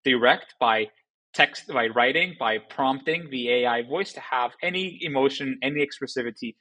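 Bright-voiced man explaining software casually. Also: mid-range voice, moderate pace, rough recording. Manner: loose and conversational, many fillers and tag questions. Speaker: software tutorial presenter. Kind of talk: casual screen-recorded tutorial.

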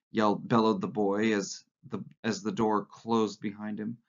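A man's voice: fairly low pitch, level tone, unhurried, few pauses, muffled recording. A male teacher reading a novel aloud to students, often stumbling and correcting himself. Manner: frequent stumbles and self-corrections.

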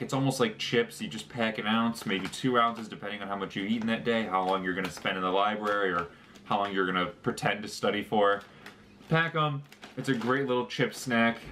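A man's voice: medium pitch, sharp tone, slight background noise. A young man talking casually through a snack review, chatty and joking, with fillers as he lists details. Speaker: vlogger.

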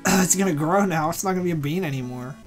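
A woman's voice: fairly low pitch, racing, soft background music. A woman co-hosting a game playthrough, trading jokes in wry, casual commentary. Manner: wry, jokey running commentary. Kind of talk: casual gameplay chat.

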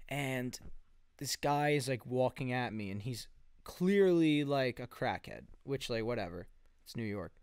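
A man's voice: mid-range voice, animated, a little slow, darkish tone, smooth, no echo, clean studio sound. A young man from New Jersey co-hosting a podcast, telling stories in a rambling way packed with "like" and "dude". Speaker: podcast co-host. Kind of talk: casual storytelling. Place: home basement, on a couch.

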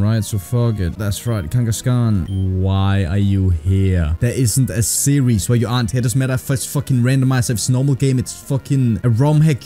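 A young man giving casual, excitable gameplay commentary, swearing often and ranting in frustration. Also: mid-range voice. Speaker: gaming streamer.

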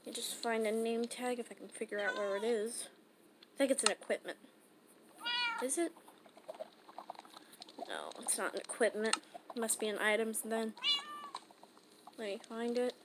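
This gaming channel host has a higher-pitched voice with fairly even intonation, speaking at normal speed but leaving long pauses. She rambles and chats to herself in casual commentary as she plays. Loud background noise is present.

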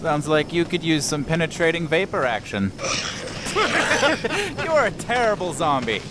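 A man's voice: on the high side, lively intonation, normal speed, very noisy. A man doing comedic commentary over a video game, wisecracking and laughing often. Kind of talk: comedic let's-play riffing.

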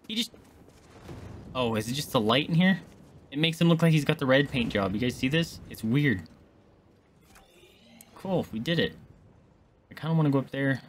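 A man streaming a video game, chatting casually and joking at the screen, often swearing when he gets excited. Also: mid-range voice, a little hiss or hum. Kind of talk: casual gameplay commentary.

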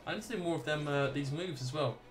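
A man's voice: a little high, fast talker, music in the background. A man livestreaming a video game, reacting with swearing and laughter while chatting casually with viewers. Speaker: gaming livestreamer. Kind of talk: casual let's play commentary.

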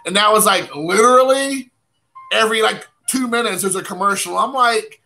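A man with a high, gravelly voice talks in a rambling, self-mocking way, tossing out asides to viewers as he opens card packs. His tone is very bright and sharp, and faint music plays behind him. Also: expressive, a little fast, low-quality recording. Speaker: card collecting channel host. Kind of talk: casual live-stream chat while opening cards.

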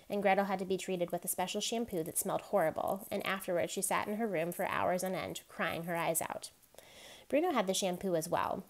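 A woman reads a novel aloud in a voice pitched a little low. She keeps a gentle, even storytelling manner and gives each character a light touch of their own voice. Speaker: reader.

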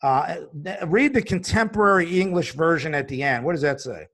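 A man's voice: on the high side, animated, normal speed, a bit bright. A man hosting a religious broadcast, talking in an earnest, emphatic way with frequent fillers and restarts. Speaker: host.

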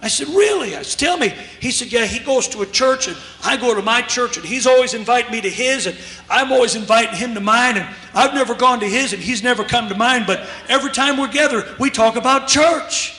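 Bright-voiced preacher in an echoey church. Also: male voice, very high voice, a little fast. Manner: emphatic storytelling, acting out a dialogue. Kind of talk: sermon. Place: church sanctuary. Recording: echoey church hall with long reverb.

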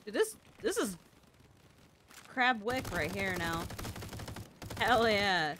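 A woman giving casual gameplay commentary, excitable, yelping and squealing when hit. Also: mid-range voice, takes it slowly, background noise. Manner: excitable, yelps and squeals at hits. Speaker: gaming video creator.

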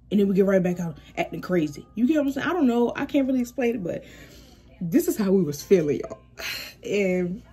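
A woman's voice: medium pitch, mellow. A young woman casually telling a storytime vlog, acting out quotes and laughing often.

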